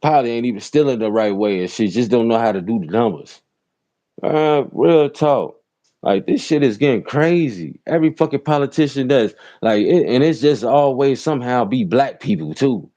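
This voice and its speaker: A man's voice: medium pitch, animated, normal speed, warm tone, dull audio. A man from Chicago, a rideshare driver and show host, giving loose, profane ranting commentary from inside a car and repeating "real talk" often.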